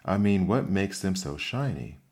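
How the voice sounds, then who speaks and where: A man's voice: low-pitched, expressive, measured pace, creaky, darkish tone, breathy edge, full character voice. A man voicing a solemn, matter-of-fact male gryphon in an ASMR bedtime story reading.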